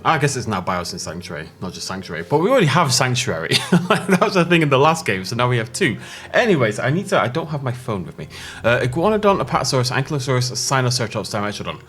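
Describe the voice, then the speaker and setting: A man's voice: mid-range voice, big pitch swings, fast, fairly bright tone, faint music behind. Chatty, laughing game commentator man. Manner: chatty, laughing, rambling, self-interrupting. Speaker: gaming channel host. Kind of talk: casual let's-play commentary.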